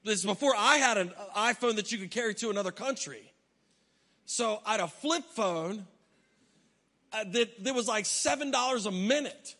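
An American pastor with a high, bright, forceful voice preaches a sermon at a moderate pace. He tells a humorous travel story, acting out his own reactions, and the long reverb of a large hall surrounds him.

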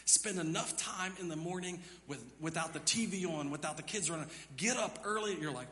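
Bright, high-voiced preacher in a reverberant hall. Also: male voice, brisk, few pauses. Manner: preaching, swings from hushed to loud and emphatic. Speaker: pastor. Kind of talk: sermon. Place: church sanctuary.

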